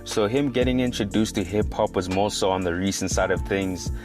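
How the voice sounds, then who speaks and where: A man narrating a scripted video in a measured, informative way. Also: low voice. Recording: voice-over with music playing underneath.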